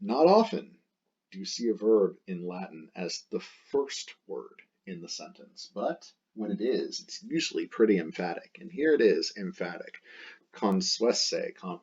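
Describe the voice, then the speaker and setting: A man's voice: low-pitched, animated, measured pace, slightly rough, dull audio. A man teaching a Latin text in a chatty, playful way, repeating and rephrasing as he explains.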